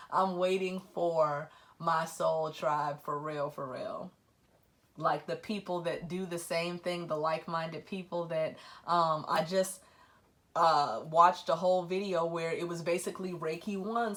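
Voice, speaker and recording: A woman tarot reader talking casually about spirituality, acting out her own thoughts in animated quoted asides. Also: lowish voice.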